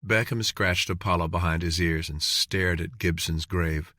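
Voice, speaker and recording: A man narrating an audiobook in an even, measured reading. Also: sits low, no room sound, studio quality. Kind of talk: scripted narration.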